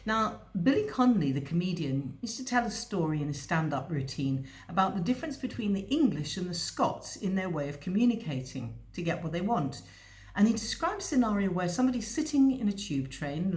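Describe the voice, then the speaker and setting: A woman's voice: on the low side, big pitch swings, a little fast. A woman host giving a conversational educational talk, explaining and speaking directly to the listener. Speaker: psychologist host. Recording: echoey room.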